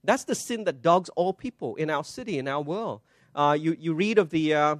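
A man's voice: a little high, expressive, moderate pace, no room sound, studio quality. A man preaching a sermon to his congregation, telling stories and asking rhetorical questions. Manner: storytelling preacher, quoting voices, rhetorical questions. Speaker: pastor. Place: church.

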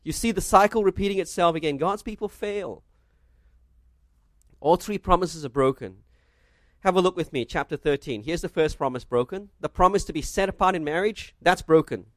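Pastor, male, slightly high voice, dry close-miked sound, expository sermon with rhetorical asides. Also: normal speed, no room sound. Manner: expository preaching, reads scripture aloud, asks the congregation rhetorical questions.

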